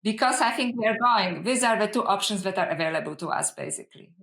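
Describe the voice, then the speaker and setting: Woman guest scholar, reflective and earnest, mid-pitched, echoey room sound. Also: expressive, quick pace, creaky, a bit bright. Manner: reflective, earnest, often says "you know". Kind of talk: conversational podcast interview. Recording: roomy echo.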